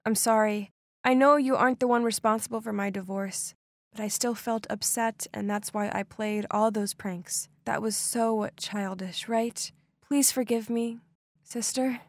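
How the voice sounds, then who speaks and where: A woman voicing a shy, remorseful young woman apologizing softly in an animated story. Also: on the high side, a little slow, dry recording, studio quality. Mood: apologetic. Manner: soft, apologetic.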